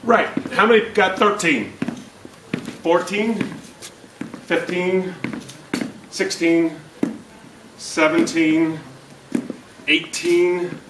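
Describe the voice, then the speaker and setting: A man with a Northern Irish accent giving an animated workshop talk to a live audience, acting out reactions with sudden loud outbursts. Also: high voice, very slow, pauses often, noisy background. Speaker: workshop speaker. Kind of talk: lively audience presentation. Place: seminar room with live audience. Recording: echoey room, speaker far from mic.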